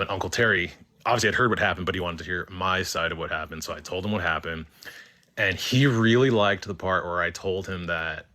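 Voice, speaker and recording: A man with a somewhat low voice tells a personal ghost story in relaxed, casual talk. He rambles with fillers and restarts and jumps into animated quotes of the people in it. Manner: chatty, many fillers and restarts. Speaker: caller.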